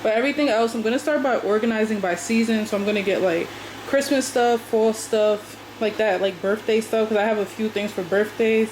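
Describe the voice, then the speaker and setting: A woman's voice: on the high side, brisk. Young woman vlogger, chatty and slangy, talking while she tidies, noisy home recording. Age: 20s. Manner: chatty, slangy, talks to herself as she works. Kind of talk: casual chat while decluttering. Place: her apartment.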